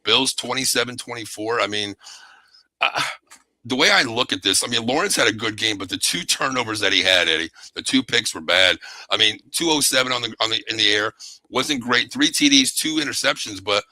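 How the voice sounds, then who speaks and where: A man hosting a casual sports talk show, animated and excitable, often calling his co-host by name. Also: medium pitch, brisk, no room sound, rough recording.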